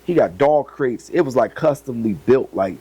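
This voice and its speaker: A man who is a podcast guest telling a story in casual chat, animated and profane, often repeating his phrases. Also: mid-range voice, moderate pace, husky, no echo.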